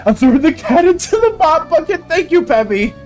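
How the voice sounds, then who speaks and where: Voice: extremely high pitch, big pitch swings, normal speed, a little mellow, soft background music. An art streamer in casual live-stream chat, reading viewers' messages aloud and answering them.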